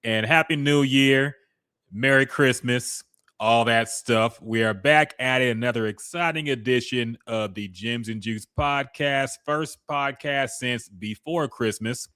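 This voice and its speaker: A man co-hosting a casual sports podcast, relaxed and loose, who swears now and then and sometimes blanks on names. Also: mid-range voice, unhurried, clean tone, no room sound, clean studio sound. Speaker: podcast co-host.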